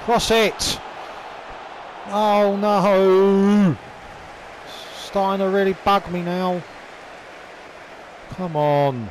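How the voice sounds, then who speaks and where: High and steady in tone, the young man draws out his words and pauses often, with a little hiss or hum present. Commentating on a football video game, he curses, grumbles in frustration and bellows at the referee.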